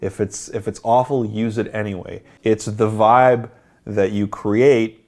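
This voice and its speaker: A man's voice: lowish voice, fairly even intonation, unhurried, a little mellow. A man explaining techniques in a confident, blunt instructional voice-over, swearing casually. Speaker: dating coach.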